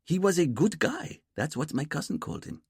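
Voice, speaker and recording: A man's voice: a little high, big pitch swings, brisk, darkish tone, husky, no room sound, studio quality, voice pushed up, heavily acted. A man voicing an eager young male police officer reporting what he found out. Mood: keen. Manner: keen, helpful.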